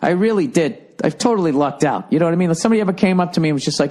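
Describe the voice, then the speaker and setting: A man's voice: on the high side, fast talker, few pauses, a little mellow. A man hosting a podcast in a casual comedic rant, rambling, sarcastic and heavy on swearing. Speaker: podcast host.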